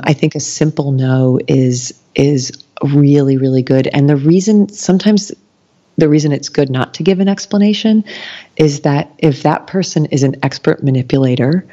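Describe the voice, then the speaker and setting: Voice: mid-range voice, moderate pace, warm tone. A podcast guest talking casually, rambling with many ums and restarts and acting out quoted lines. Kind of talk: casual conversation. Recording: dull lo-fi sound.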